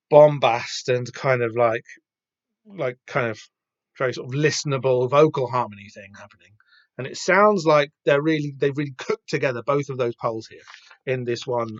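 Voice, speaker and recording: A man's voice: medium pitch, fairly bright tone, no echo. A man talking casually as a podcast host, rambling with lots of fillers and restarts. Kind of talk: casual comic-book reading chat. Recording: dull dry lo-fi home mic.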